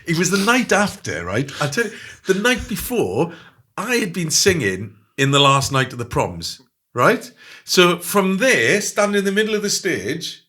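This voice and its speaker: A man's voice: fairly high pitch, big pitch swings, measured pace, few pauses, sharp tone. A middle-aged man telling a candid personal story as a podcast guest, often tagging his lines with "right?".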